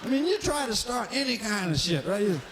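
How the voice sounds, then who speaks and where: A man in his forties working a stand-up set, swearing freely as he rambles through his stories and slips into the voices of the characters he describes. His voice sits high for a man and swoops up and down constantly, bursting into shouts one moment and dropping to a mutter the next. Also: big pitch swings, brisk, background noise. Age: 40s. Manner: profane, loose storytelling that acts out characters. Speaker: stand-up comedian. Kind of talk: live stand-up comedy routine. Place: live stage show.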